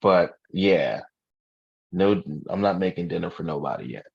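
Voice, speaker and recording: A man with a very low, husky voice co-hosts a podcast and talks in an easygoing way, full of swearing and stories. The recording sounds dull and lo-fi. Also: moderate pace. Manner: laid-back, profane storyteller. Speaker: podcast co-host. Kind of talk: casual chat.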